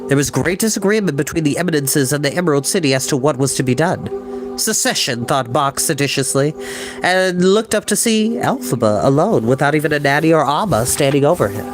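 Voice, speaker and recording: A man's voice: fairly high pitch, expressive, a little fast, music in the background. A man reading a novel aloud as storyteller, thoughtful, stopping to comment and sometimes stumbling on hard words.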